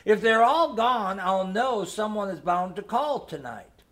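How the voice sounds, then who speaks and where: A man reading the part of a fussy, earnest middle-aged mother with a gentle, coaxing manner. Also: high-pitched, lively intonation, a little slow.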